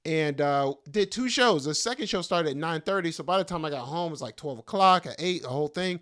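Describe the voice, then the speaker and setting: Hosting his own podcast, a middle-aged stand-up comedian talks a little fast in a fairly high, animated, somewhat bright voice. He meanders casually, using slang and self-mocking humor.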